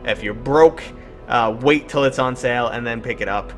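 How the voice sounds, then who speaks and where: Brief: New York-accented male host, mid-pitched voice, upbeat and jokey, casual chat. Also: normal speed, fairly bright tone, faint music behind. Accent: New York City. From New York City. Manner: enthusiastic, joking.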